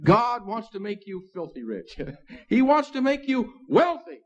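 A man with a high voice preaches a sermon in a relaxed, talky way, dropping in asides and soft chuckles. The recording is dull and lo-fi. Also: a little slow. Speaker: pastor.

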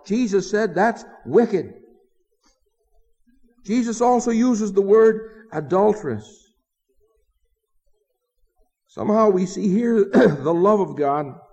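A man's voice: high-pitched, a little mellow. A man preaching a sermon in an earnest, emphatic way, asking his listeners rhetorical questions. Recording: dull lo-fi sound with long hall reverb.

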